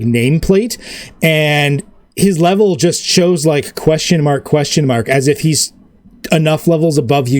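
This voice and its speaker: A man's voice: a little high, a little mellow, no echo. A man narrating as game master in a loose, rambling way, full of fillers.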